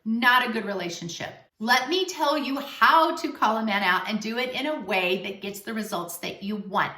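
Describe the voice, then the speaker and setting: A woman relationship coach giving emphatic, animated advice straight to camera in a vlog. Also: fairly high pitch, normal speed. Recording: echoey room, voice distant from mic.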